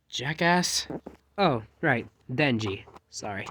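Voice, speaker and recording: A man's voice: on the high side, expressive, takes it slowly, a bit bright. A man casually telling a rambling fan story, jumping animatedly into quoted dialogue.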